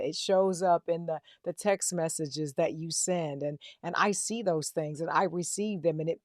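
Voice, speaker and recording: A woman's voice: lowish voice, dry recording, studio quality. A woman hosting an interview, talking affectionately and calling her guest "baby" and "girl". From a self-described country girl. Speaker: podcast host. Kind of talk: warm heartfelt interview chat.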